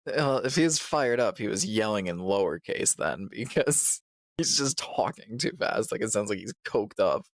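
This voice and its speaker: A man's voice: fairly low pitch, animated, normal speed, dry recording. A man co-hosting a podcast in casual chat, blunt, sarcastic and profane. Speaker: podcast co-host.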